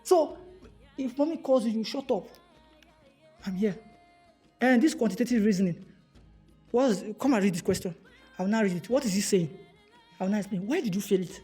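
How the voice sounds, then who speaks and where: A woman's voice: medium pitch, lively intonation, brisk, pauses often, dark tone, soft background music. A Nigerian woman giving an emphatic motivational talk, repeating key phrases and slipping into pidgin. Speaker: motivational speaker.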